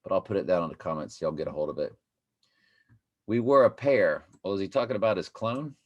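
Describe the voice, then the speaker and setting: A man hosting a commentary video, rambling and halting as he talks to his viewers. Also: sits low, animated, darkish tone, lo-fi sound. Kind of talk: casual commentary over clips.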